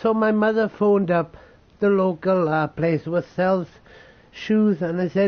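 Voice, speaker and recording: A man from the United Kingdom telling a painful personal story, halting, tearful and swearing as he talks. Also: high voice, steady tone, lo-fi sound. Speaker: vlogger.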